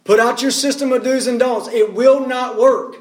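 A man's voice: very high-pitched, steady tone, normal speed. A man preaching a sermon, pressing his points with rhetorical questions and repeating key words. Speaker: pastor. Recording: roomy echo.

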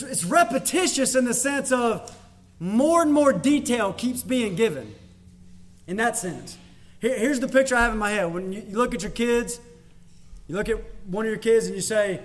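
High-voiced man preaching a sermon. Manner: repetitive, emphatic, conversational preaching. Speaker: pastor.

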